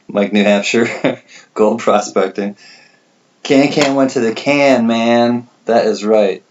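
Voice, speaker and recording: Hosting a casual livestream, a medium-pitched man reads out viewer comments and rambles in a laid-back, laughing way. He takes it slowly with frequent pauses, and the high frequencies are cut off.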